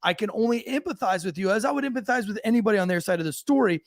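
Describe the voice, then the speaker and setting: A man's voice: high-pitched, expressive, rapid-fire, no room sound, clean studio sound. A man hosting a podcast interview, a former police officer who cuts in to steer the talk. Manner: cuts in with repeated "listen". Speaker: podcast host, ex-cop.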